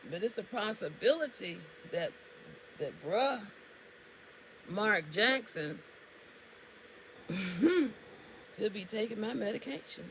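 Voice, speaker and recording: A woman's voice: mid-range voice, a bit bright, a little hiss or hum, rough recording. A woman tells a story to camera in a casual, indignant way, and her voice jumps up sharply on exclamations. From Alabama, US. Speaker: vlogger.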